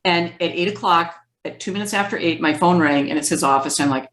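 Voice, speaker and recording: A woman being interviewed as a therapist, telling stories in a lively way and acting out the quoted speech. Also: low voice, fast, hardly any pauses, reverberant. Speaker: guest therapist. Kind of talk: conversational interview.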